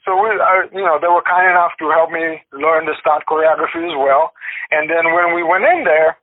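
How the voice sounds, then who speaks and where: A man guest telling stories in a lively way, acting out what others said and laughing as he goes. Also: a little high, normal speed. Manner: lively, acts out quoted lines, laughs mid-story. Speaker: actor guest. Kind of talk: casual storytelling. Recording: tinny phone line.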